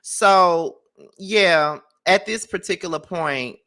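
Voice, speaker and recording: A man's voice: high voice, slow, bright, forceful tone. A man with a Mississippi Southern accent, chatting animatedly and slangily in a casual TV review vlog. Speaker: YouTube TV reviewer.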